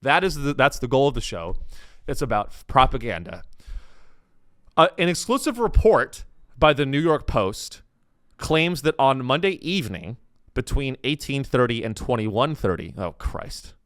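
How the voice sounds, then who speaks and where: A man's voice: medium pitch, sing-song, normal speed, a bit bright, no echo, clean studio sound. A young man hosting a comedy podcast, riffing sarcastically on the news and acting out the people he mocks. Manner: sarcastic, rambling, acts out quoted people.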